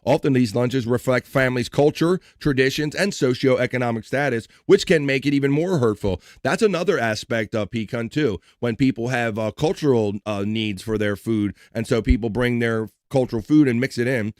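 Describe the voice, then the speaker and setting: A man's voice: medium pitch, normal speed, hardly any pauses, dry recording, clean studio sound. A man hosting a live stream, chatting casually and joking, at times singing along. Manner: energetic, jokey, sings along.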